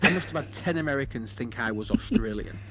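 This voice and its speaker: A man's voice: medium pitch, expressive, fast talker, crowd noise. Chatty man with a Hull accent. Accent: Hull, England. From Hull, England. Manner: chatty, rambling, asks for agreement. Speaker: podcast host. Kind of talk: casual chat.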